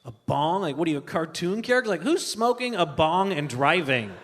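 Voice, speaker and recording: A man doing stand-up comedy, telling a family story with animated delivery and acting out relatives. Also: on the high side, brisk. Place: live comedy stage. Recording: live stage with long reverb and faint noise.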